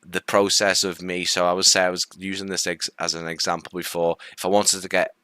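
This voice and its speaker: A man's voice: deep voice, little pitch movement, brisk, bright, forceful tone, clear, resonant tone, dry recording, studio quality. A man with a light Liverpool accent, hosting a casual live stream, rambling chattily with many fillers and greeting viewers. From Liverpool, England. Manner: friendly, greets viewers and answers comments.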